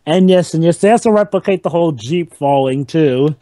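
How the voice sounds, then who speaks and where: A man riffs through a group movie commentary in a chatty, joking way. His voice sits somewhat high and sounds close and dry over a call mic. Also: a little fast, warm tone, no echo. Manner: chatty, jokey, repeats himself. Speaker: commentary co-host.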